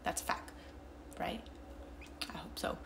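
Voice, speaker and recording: A woman's voice: a little slow, a bit bright, whispered. A young woman vlogging in casual chat with a mild American accent, rambling with many fillers and restarts.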